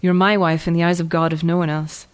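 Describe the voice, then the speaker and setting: A woman's voice: fairly low pitch, little pitch movement, fast talker, lightly acted. A woman reading the lines of a passionate, hotheaded young man who speaks urgently and pleads. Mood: desperate, angry. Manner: urgent, pleading, hoarse at times.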